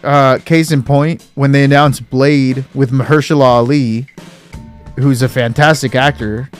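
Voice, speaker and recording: A man's voice: medium pitch, fairly even intonation, measured pace, smooth, soft background music. A young man co-hosting a casual podcast, blunt and opinionated, swearing freely as he rants. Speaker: podcast co-host.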